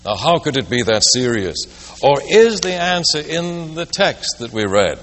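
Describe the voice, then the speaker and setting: A man's voice: on the high side, very animated, unhurried, fairly bright tone. A man preaching a sermon, telling a story and posing rhetorical questions. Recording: long reverb of a large hall.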